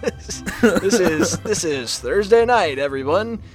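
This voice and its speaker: Animated joking man in podcast chat. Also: sits high, takes it slowly, soft background music. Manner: joking, rambling. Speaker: player and cohost. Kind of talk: casual tabletop podcast chat.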